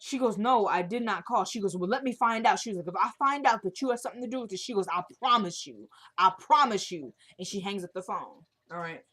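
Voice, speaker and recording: A woman's voice: medium pitch, fast talker, hardly any pauses, a bit bright, breathy edge. Woman, casual TV recap, chatty, opinionated, acts out the characters' lines, mid-range voice. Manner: chatty, opinionated, retells scenes by acting out lines. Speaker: show recap host.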